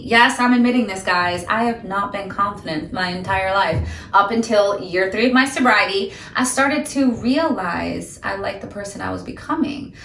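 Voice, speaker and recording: A woman's voice: mid-range voice, bright, forceful tone, recorded from a distance. A woman talking straight to the camera about her sobriety, emphatic and ranting, addressing viewers as "guys" and "honey". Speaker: sobriety vlogger. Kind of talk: direct-to-camera motivational talk. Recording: echoey room, voice a bit off-mic.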